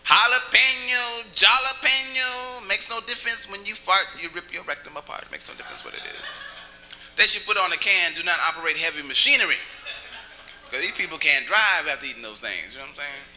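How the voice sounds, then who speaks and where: Here the stand-up comedian's high-pitched voice sounds pushed and bright, with a little hiss or hum on a low-quality recording. Performing in a small cafe, he banters with listeners, teases them with questions, and occasionally breaks into crooning.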